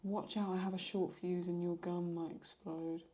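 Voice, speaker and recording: Chatty young woman fangirling on camera, swears a bit, lowish voice. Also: normal speed. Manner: chatty, excitable, self-mocking, swears. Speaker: reaction channel host. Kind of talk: casual reaction commentary.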